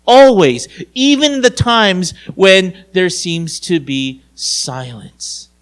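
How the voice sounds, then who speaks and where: A male pastor preaching a sermon in a conversational way, talking to his listeners directly and moving between raised emphasis and hushed, low tones. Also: very animated, takes it slowly, clean tone. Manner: conversational, addresses listeners as "you guys".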